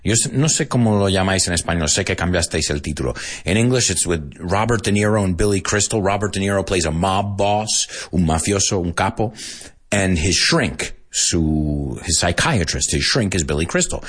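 A man's voice: low voice, brisk. A man, chatting as he teaches English through a film scene and slips into Spanish to explain words. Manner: switches between English and Spanish, animated and chatty.

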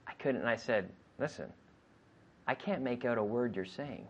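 A man's voice: mid-range voice, moderate pace, highs cut off. A man, a native English speaker, teaching an English lesson and repeating questions over and over in a classroom drill. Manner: lively, repetitive questioning, acts out both sides of a dialogue.

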